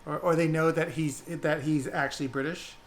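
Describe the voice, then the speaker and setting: A man co-hosting a casual podcast chat, halting and repeating words as he recalls details. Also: a little high, steady tone. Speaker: podcast co-host.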